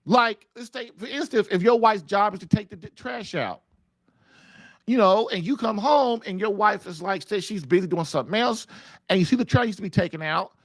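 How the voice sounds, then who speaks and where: A man's voice: high voice, expressive, moderate pace, no echo, studio quality. A middle-aged man hosting a live call-in show, giving marriage advice to men in a casual, repetitive, colloquial way and calling his listeners man and dude. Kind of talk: live-stream talk, casual preaching to men.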